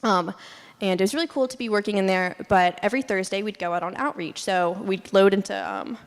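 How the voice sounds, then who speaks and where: Young woman talking thru a student presentation, lots of um and like, mid pitch, echo from a big hall. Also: a little fast. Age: young adult. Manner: chatty, many "um" and "like", laughs often. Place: lecture hall. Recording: long reverb in a hall.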